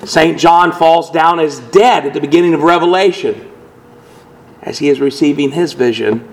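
A man's voice: a little high, moderate pace, rough recording. A male pastor delivering an earnest sermon, voicing scripture quotations with dramatic emphasis.

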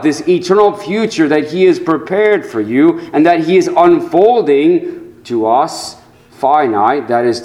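A man preaching a sermon to his congregation, slow and measured, with deliberate pauses. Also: a little high, mellow, rough recording. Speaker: pastor.

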